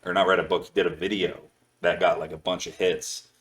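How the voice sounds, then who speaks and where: A man's voice: low voice, little pitch movement, brisk, fairly bright tone. A man hosting a podcast, telling a long story in casual chat, swearing a lot and filling his talk with "like". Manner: rambling, heavy swearing, many "like" fillers. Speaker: podcast host.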